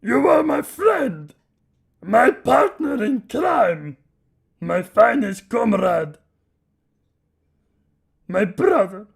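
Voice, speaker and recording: A man voicing a hulking, simple-minded male brute who speaks in broken, slow phrases with a Russian-tinged put-on accent. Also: very high voice, animated, pitched above the performer's own voice, heavily acted. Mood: mournful. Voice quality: gravelly, raspy, broken speech. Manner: slow, loud, shouting. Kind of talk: dramatic story reading.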